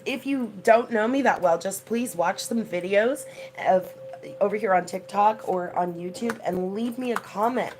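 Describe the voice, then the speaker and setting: A woman's voice: mid-range voice, noisy background. A woman hosting a casual livestream tarot reading at home, chatty and effusive, with rain heard behind her. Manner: chatty and effusive, thanks viewers. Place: home with a door open to the rain.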